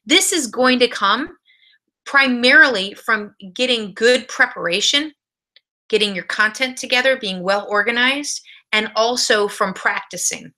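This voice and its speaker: A woman's voice: a little high, a little slow, bright, forceful tone. A woman teaching a college speech class in a recorded video lecture, giving direct practical tips.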